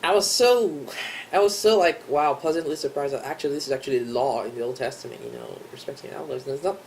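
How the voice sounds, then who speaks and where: A young Nigerian man with a Nigerian accent, chatting casually in a vlog, relaxed and rambling with lots of ums. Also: medium pitch, quick pace, slight background noise. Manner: relaxed and rambling, many ums and you-knows. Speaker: vlogger. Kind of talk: casual tag video chat.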